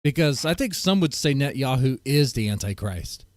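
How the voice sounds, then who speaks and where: A man's voice: medium pitch, lively intonation, normal speed, dry recording. A man co-hosting a stream, chatting casually in a laid-back, joking way. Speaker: stream co-host. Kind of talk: casual chat.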